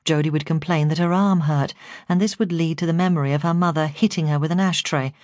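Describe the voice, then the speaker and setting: A woman narrates her own memoir as an audiobook, telling her story at a steady, measured pace. Her voice sits low, and the recording is dry and close, with no room sound. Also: dry recording. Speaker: foster carer and memoir narrator.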